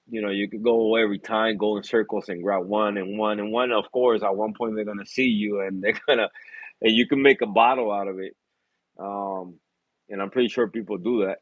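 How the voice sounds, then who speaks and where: A man's voice: medium pitch, dry recording, narrow, tinny audio. Rambling casual reef-hobby vlogger man. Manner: rambling, apologetic, laughs often, many fillers. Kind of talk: casual chat.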